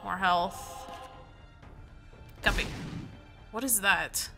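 A tired woman chats loosely through a video game run, reading item names aloud and musing about them as she goes. Her voice is bright and forward, of middle pitch for a woman, with faint game music underneath. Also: drawn-out words, vocal fry. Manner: rambling, thinks aloud, reads item names. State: sleepy, yawning. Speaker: gaming let's play host. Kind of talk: casual gameplay commentary.

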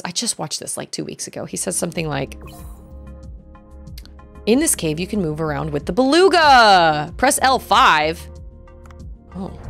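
A woman's voice: medium pitch, creaky. A young adult woman streaming a video game, chatting casually and reacting with gasps, laughs and squeals. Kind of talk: casual live gameplay commentary.

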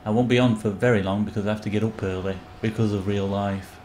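Livestreaming a game, a man rambles and jokes with his chat, yelping whenever things go wrong and he panics. He talks fast in a lowish, darkish voice with fairly even intonation, over slight background noise.

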